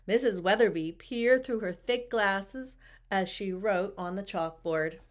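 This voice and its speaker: A woman reading a picture book aloud, expressive and talking to the listeners with questions. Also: medium pitch, a little slow. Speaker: storybook reader.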